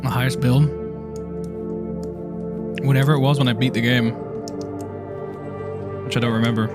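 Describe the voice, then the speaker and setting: A man from Ireland chatting casually on a live game stream, rambling and excitable, swearing often and tripping over his words. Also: medium pitch, moderate pace. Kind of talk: casual live-stream chat while playing. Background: faint music.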